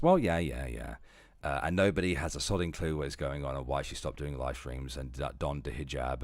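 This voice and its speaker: A man chatting casually on a livestream, profane and rambling, jumping between loud outbursts and low muttering. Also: no room sound, clean studio sound.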